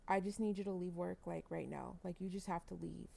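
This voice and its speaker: A man's voice: sits high, fairly quick, vocal fry, dark tone, exaggerated voice. Woman voicing a shaken young son. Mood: urgent. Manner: hesitant, urgent. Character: upset young adult son breaking bad news.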